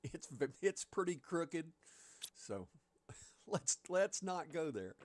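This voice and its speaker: A man's voice: fairly high pitch, sing-song, takes it slowly, darkish tone. A man with a Southern US accent, joking and chuckling with a co-host while streaming a game. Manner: joking, teasing, chuckles often. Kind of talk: casual live-stream chat.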